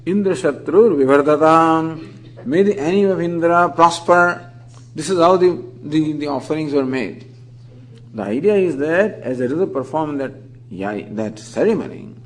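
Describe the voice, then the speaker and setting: Man teaching scripture, slightly higher voice. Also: poor audio. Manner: explanatory, reciting Sanskrit terms slowly, then expanding in English. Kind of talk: scripture lecture.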